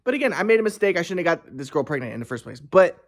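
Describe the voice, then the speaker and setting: Man, rambling first-person account, agitated and profane, lots of restarts, lively pitch. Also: very fast. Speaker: storyteller.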